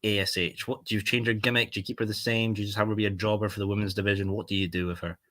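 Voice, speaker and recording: A man with a Scottish accent, his voice sitting low in pitch yet bright and forceful in tone. He banters casually and teases with a joking, mock-outraged edge. The sound is dry and close. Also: flat delivery, very fast, no room sound. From Scotland. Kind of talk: casual podcast chat.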